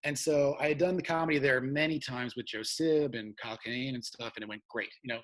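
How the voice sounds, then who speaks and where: A man, a comedian guest, telling a long road story in casual chat, profane and animated, shouting out the lines he quotes. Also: mid-range voice, a little fast.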